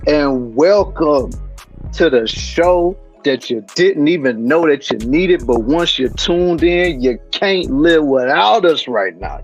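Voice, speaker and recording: Booming hype-man host. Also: slightly rough. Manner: booming hype-man delivery, drawn-out words. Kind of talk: livestream show intro and casual chat.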